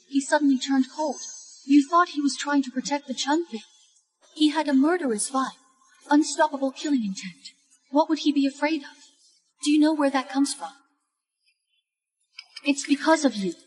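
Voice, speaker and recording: Scheming disguised woman, high voice, cold and scornful, faint noise behind, played by a woman. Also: close to an everyday voice, poor audio.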